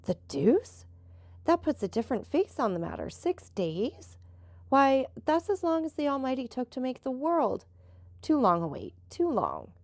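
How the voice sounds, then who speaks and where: Woman narrator doing a restless young gentleman traveler, questioning, slightly higher, gravelly. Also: big pitch swings, moderate pace, dry recording. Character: young gentleman traveler, quick-tempered and curious.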